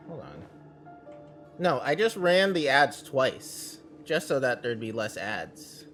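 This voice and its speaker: An animated man chats and laughs his way through a game stream, his pitch bouncing all over. Game music plays clearly under his voice. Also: slow. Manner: animated, chatty, laughs often. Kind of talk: casual gameplay commentary.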